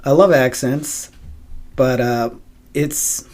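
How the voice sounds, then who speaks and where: A man talking unhurriedly on his own podcast, drawing his words out at a slow, easy pace. He wanders from thought to thought with plenty of ums, swears freely, and keeps laughing at his own asides. The pitch of his voice sits in the middle range. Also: darkish tone. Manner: rambling, profane, laughs often, many fillers. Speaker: podcast host. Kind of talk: casual solo monologue.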